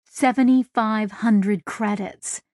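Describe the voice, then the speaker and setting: A woman's voice: mid-range voice, steady tone, takes it slowly, darkish tone, no echo, natural voice. Fussy young female clerk, nervous and precise, a woman acting it. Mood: fretful. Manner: fretful, precise.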